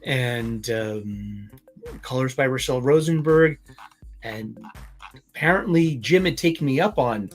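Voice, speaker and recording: A man chats loosely on his own livestream, wandering from thought to thought and tripping over fillers and restarts. His pitch sits in the middle of the usual range for a man. Faint music plays underneath. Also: animated. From Boston area. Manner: rambling, halting, many fillers and restarts. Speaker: comics review livestream host. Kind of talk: casual livestream chat.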